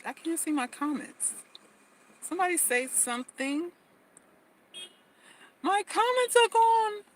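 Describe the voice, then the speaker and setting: A woman's voice: very high voice, sing-song, slow pace, pauses often, a little hiss or hum, rough recording. A woman hosting a casual livestream advice talk, emphatic, often repeating phrases and restarting sentences. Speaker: host.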